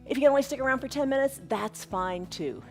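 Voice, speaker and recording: A woman's voice: sits high, fast, darkish tone, soft background music. A woman teaching a live online yoga class, encouraging and upbeat, with laughs between her cues. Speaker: yoga instructor.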